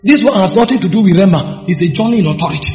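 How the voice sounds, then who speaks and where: A man's voice: high-pitched, expressive, rapid-fire, faint music behind. Male preacher, emphatic, repetitive rhetorical style; dull, roomy hall recording. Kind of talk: sermon. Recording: echoey hall, dull sound.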